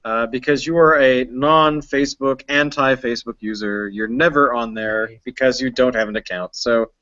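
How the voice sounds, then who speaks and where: A man's voice: medium pitch, fairly even intonation, normal speed, sharp tone, lo-fi sound, slight background noise. A man hosting a casual beer podcast, rambling along with lots of ums and uhs. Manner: rambling with many fillers. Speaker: podcast host. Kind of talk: casual chat.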